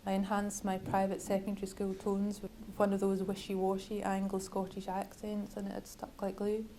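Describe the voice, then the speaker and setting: Woman, author reading her novel, measured, wry, mellow warm tone, faint background noise. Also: mid-range voice, monotone, poor audio. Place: bookshop reading event.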